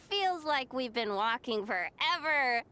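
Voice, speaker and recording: A woman's voice: high-pitched, sing-song, slow, fairly bright tone, clear, resonant tone, full character voice. A woman voicing a chatty, playful young woman companion in a video game, casual and bubbly.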